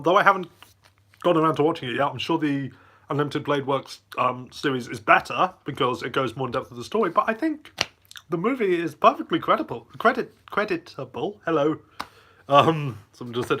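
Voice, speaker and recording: Man, casual live Q&A host, chatty and rambling, bright tone. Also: a little high, slight background noise. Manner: chatty, rambling, reads chat aloud. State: eating lunch while talking. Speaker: channel host.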